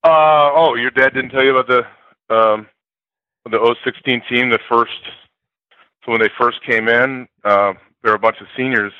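With a smooth, mid-range voice at normal speed, an older ex-college football player tells stories as an interview guest. He's an animated storyteller who acts out quotes loudly and laughs frequently. The sound is lo-fi with no room sound.

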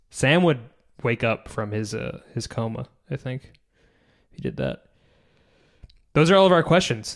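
A man hosting a solo podcast, rambling and joking and often trailing off into quiet mumbles. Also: mid-range voice. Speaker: podcast host. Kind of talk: casual solo podcast chat.

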